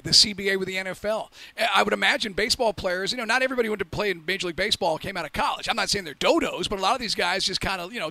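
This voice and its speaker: A man co-hosting a sports radio show, talking fast and excitedly with many fillers. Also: high voice, no room sound.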